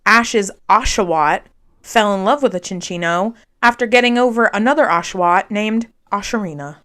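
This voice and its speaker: A woman co-hosting a podcast, speaking softly in casual chat and reading out fun facts. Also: mid-range voice, moderate pace. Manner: soft-spoken, reads fun facts aloud. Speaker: podcast co-host.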